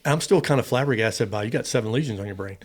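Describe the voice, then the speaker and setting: Speaking fast at a medium pitch, a middle-aged American former fighter pilot relaxes into a long personal anecdote as a podcast guest, playing both sides of the dialogue himself. Slight background noise can be heard.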